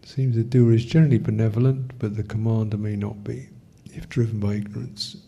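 An older man from England teaching meditation, speaking in a reflective, thinking-aloud way with touches of gentle humor. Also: lowish voice, level tone, fairly quick, creaky, slightly rough, highs cut off. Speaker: meditation teacher answering questions. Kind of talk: unhurried Dharma talk.

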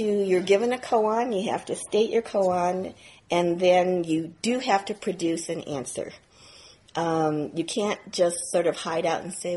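Woman giving a laughing, animated dharma talk. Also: medium pitch, moderate pace, husky, low-quality recording. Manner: animated, self-mocking, laughing while telling. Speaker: meditation teacher. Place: retreat center meditation hall.

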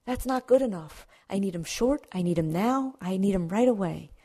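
A woman's voice: mid-range voice, animated, moderate pace, dark tone, husky, voice pushed up. A woman voicing an eager, impatient man who insistently pleads for teachings right now. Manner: pleading, insistent, repeats himself.

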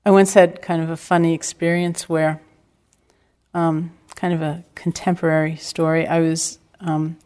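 An older woman teaching meditation in a calm, reflective dharma talk, telling stories with gentle self-deprecating humor. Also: sits low, moderate pace, clean tone. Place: retreat center hall.

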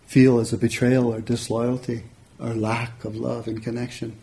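A man voicing a gentle, loving male ox with a soft, sweet, calm and compassionate voice. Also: medium pitch, moderate pace, creaky, natural voice. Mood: gentle reproach. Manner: calm and patient.

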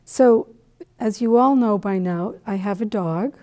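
A middle-aged woman from New England giving a dharma talk, telling a personal story in a conversational, animated way with asides. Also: mid-range voice, unhurried. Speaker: meditation teacher.

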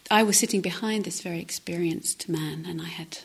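A woman meditation teacher giving a gentle, reflective dharma talk at a retreat, often dropping to a soft near-whisper. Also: lowish voice, a little fast. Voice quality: breathy, often drops to a whisper. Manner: gentle, reflective, with hesitant restarts. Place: retreat center meditation hall.

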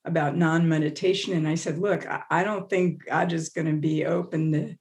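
A woman guest on a podcast interview, telling a story in a casual, animated way, acting out quotes with laughs and fillers. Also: low voice, moderate pace. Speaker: interview guest, meditation teacher.

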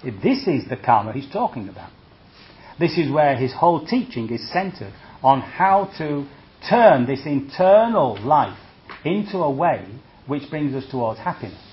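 The recording is muffled as a Buddhist monk speaks a little slowly in a higher voice. His dharma talk is conversational, punctuated by "see?" and "okay?" checks, and he acts out reactions humorously.

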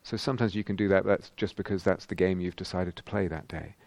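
Male meditation teacher, middle-aged, deep fry-edged voice, dry close sound, reflective dharma-talk delivery. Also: steady tone, fast talker, a little mellow, dry recording. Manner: reflective, searching, frequent ums and rhetorical questions.

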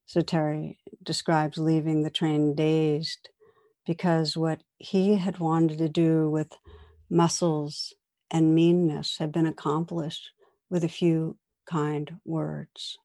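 A woman meditation teacher giving a dharma talk, telling a story in a gentle, reflective way. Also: sits low, flat delivery, slow pace. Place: meditation hall.

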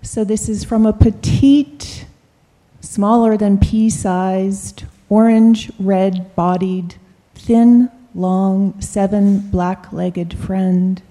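A woman slowly reading a reflective nature poem aloud in a measured way. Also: medium pitch, fairly even intonation, warm tone, big-room sound. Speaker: retreat participant.

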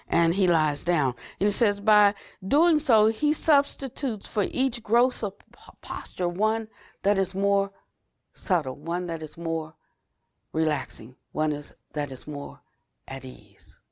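An older woman giving an unhurried Buddhist dharma talk, repeating phrases for emphasis and trailing to a near whisper at phrase ends. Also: on the low side, animated, no room sound, studio quality. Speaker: Buddhist teacher.

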